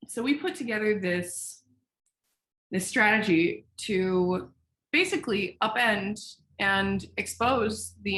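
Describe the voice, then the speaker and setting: Woman guest, candid founder, animated storyteller, swears freely. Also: medium pitch, slight background noise. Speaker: founder of a sexual wellness company, podcast guest. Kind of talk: casual interview storytelling.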